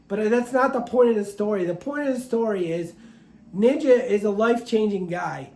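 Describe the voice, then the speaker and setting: A man's voice: sits high, roomy sound. A man talking casually to camera as a farmer, speaking earnestly and openly about his feelings. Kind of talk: casual vlog talk to camera.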